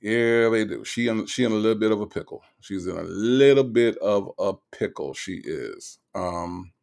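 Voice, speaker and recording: A man's voice: on the low side, expressive, moderate pace, gravelly, darkish tone. A man hosting a livestream in casual chat, reading out viewer comments and teasing them playfully. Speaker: livestream host.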